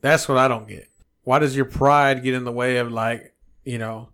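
A man's voice: medium pitch, normal speed, fairly bright tone. A man co-hosting a podcast, ranting in a heated, profane, rambling way. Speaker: podcast co-host. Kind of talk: casual podcast rant.

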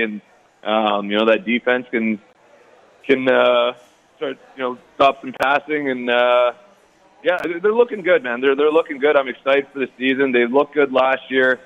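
A relaxed man in his thirties chatting as a guest, easygoing and meandering, leaning on fillers as he tells his stories. His voice sits at an ordinary middle pitch. It comes through a dull, lo-fi remote line. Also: normal speed. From Canada. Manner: easygoing, rambling with many fillers. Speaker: guest athlete. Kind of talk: casual interview chat.

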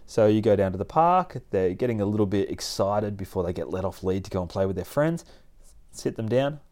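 A man explaining dog training in a casual, animated way, often laughing and acting out his dog. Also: lowish voice, fairly quick. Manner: animated, acts out dogs and people in playful voices, laughs often. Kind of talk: casual instructional talk.

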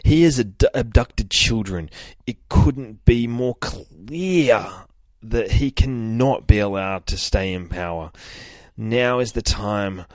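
An earnest young superhero leader rallying his allies, as a man reading a comic does his lines. The voice sits low and a little plain, and the sound is dry and close. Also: takes it slowly, darkish tone, no echo.

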